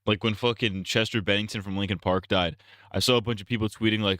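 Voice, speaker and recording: A male streamer rants in a loose, profane, blunt ramble, often restarting his sentences. His voice is low and clean, recorded close and dry on a streaming mic. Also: steady tone, fast talker, a bit bright, no room sound. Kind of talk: casual live-stream rant.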